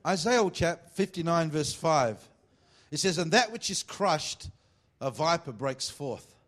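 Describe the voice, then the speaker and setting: A man preaching a sermon as pastor, mixing jokey, teasing asides to the congregation with emphatic preaching and slow, deliberate scripture reading. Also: fairly high pitch, animated, a bit bright. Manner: reads scripture slowly and deliberately.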